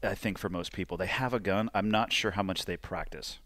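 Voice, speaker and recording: A man hosting a podcast, talking in a measured, reflective way in casual conversation. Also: sits low, fairly bright tone, dry recording, clean studio sound. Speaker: podcast host. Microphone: close podcast mic.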